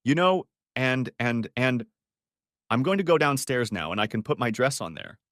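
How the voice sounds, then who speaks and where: Male narrator doing a panicky young bride, high stammering voice, dry close sound. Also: animated, normal speed, fairly bright tone, no room sound, lightly acted. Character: flustered young woman bride, sneaky.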